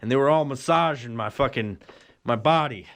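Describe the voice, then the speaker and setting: A man's voice: normal speed, fairly bright tone. A man in his thirties, a podcast host, telling a profane, exaggerated comic story in a solo rambling monologue. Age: 30s. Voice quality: profane, exaggerated storytelling with bursts of high put-on voices.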